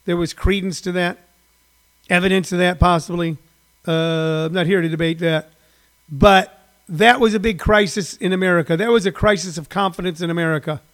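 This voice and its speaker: A man in his sixties with a high voice, talking off the cuff on his daily livestream. He rambles and restarts his sentences, with lots of ums and uhs, in a loose, chatty monologue. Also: steady tone, normal speed, a bit bright. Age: 60s. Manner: rambling storyteller with many fillers and restarts. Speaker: comedian hosting a daily livestream.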